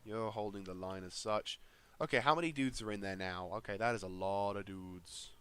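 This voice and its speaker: A man's voice: on the low side, normal speed, sharp tone, smooth. A man casually commentating a strategy game, thinking aloud with lots of fillers and restarts. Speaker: gaming video creator.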